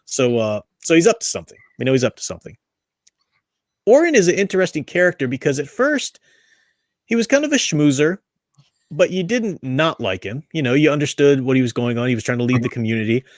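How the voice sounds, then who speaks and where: A man hosting a relaxed book chat, rambling and chatty, full of restarts and fillers. His voice sits at an ordinary middle pitch. The sound is dry and close, with no room echo. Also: fairly quick. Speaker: book study host. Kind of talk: casual book discussion.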